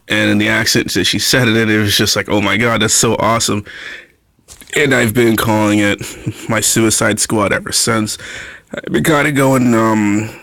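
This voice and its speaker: A man's voice: on the low side, creaky, fairly bright tone, no echo. A man chatting casually and enthusiastically in a vlog about his game, with frequent fillers. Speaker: Pokemon Go YouTuber.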